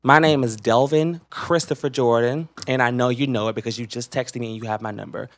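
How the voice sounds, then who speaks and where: A young man co-hosting a casual podcast, talking in sassy, dramatic rants that flare up loud. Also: medium pitch, fairly even intonation, fairly quick. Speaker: podcast co-host.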